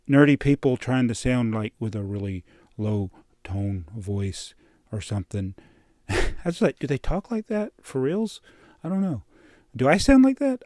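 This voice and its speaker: A man rambles through a casual home vlog and chuckles self-consciously between thoughts. His voice sits at an ordinary middle pitch. The sound is dry and close, with no room ring. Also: darkish tone, no echo. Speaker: toy collecting vlogger. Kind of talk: casual chat. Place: room at home with posters on the walls.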